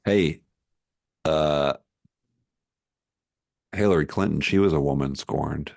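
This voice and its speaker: A man's voice: very deep voice, takes it slowly, creaky, a little mellow, no echo. A man co-hosting a film podcast in casual comedic chat, rambling and laid-back on a close mic. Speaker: podcast co-host.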